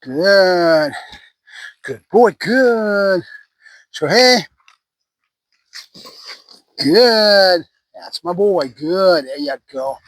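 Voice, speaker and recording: A man's voice: sits high, fairly bright tone, dry recording, rough recording. A middle-aged man working as a dog trainer, praising his dog between explanations to viewers. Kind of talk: hands-on training demonstration.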